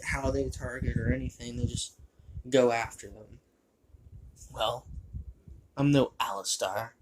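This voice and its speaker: A man's voice: medium pitch, a little mellow, lightly acted. A man voicing a crude, boastful male spider demon in a fan fiction monologue, rambling and gleeful about violence, with a shifting put-on British-style accent.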